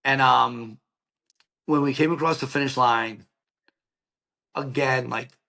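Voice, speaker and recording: A middle-aged man, a guest on a podcast, tells an emotional personal story in an interview, his mid-range, gravelly voice moving slowly. He's an animated storyteller who acts out what people said and scatters "like" and "right?" throughout.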